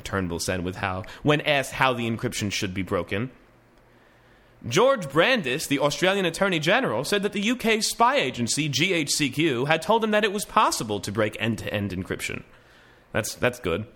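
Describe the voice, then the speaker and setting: A man's voice: mid-range voice, sing-song, a little fast, fairly bright tone. A man hosting a casual news podcast, reading articles aloud with wry asides and frequent restarts. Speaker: podcast host.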